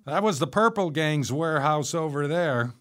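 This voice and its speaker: A man voicing a chatty bearded male neighbor who talks on and on, in a raised, lively voice. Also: a little high, normal speed, pitched above the performer's own voice. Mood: rambling. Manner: excited rambling talker. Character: chatty bearded middle-aged male neighbor, eager tour guide.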